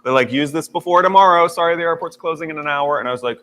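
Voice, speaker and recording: A man co-hosting a morning talk show, telling a story with lively acted-out quotes. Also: fairly high pitch, fast. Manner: animated storytelling, acting out quotes. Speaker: radio co-host. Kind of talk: casual chat.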